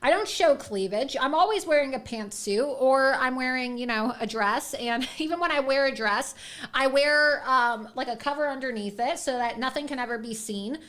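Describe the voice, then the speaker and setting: A woman's voice: high voice, moderate pace, a bit bright. A young woman hosting her own political show, delivering a sarcastic, defiant, profane monologue to camera. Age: young adult. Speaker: host of an online political show.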